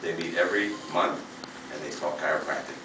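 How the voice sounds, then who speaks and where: In a seminar room, a man in his thirties with a very deep voice delivers a brisk, fired-up motivational talk full of emphasis. The mic sits far off in an echoey room, and background noise comes through.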